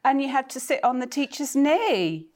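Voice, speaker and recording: A woman's voice: sits high, very animated, normal speed, darkish tone. Giggly middle-aged woman. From England. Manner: playful, giggly, jokey. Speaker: guest. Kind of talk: casual chat.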